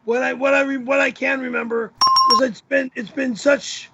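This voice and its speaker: A man, a regular on a live stream, talking in a flustered, stammering way with a gravelly, husky voice. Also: extremely high pitch, little pitch movement, normal speed, lo-fi sound, heavy background noise. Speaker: show regular.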